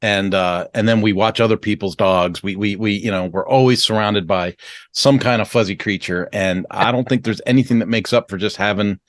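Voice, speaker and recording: A man's voice: normal speed, dry recording. A male podcast host chatting casually with his guest. He tells stories with gusto and jumps into other people's voices as he acts out their lines. The sound is dry and close to the mic. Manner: animated storyteller, acts out dialogue with big pitch jumps. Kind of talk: casual interview chat.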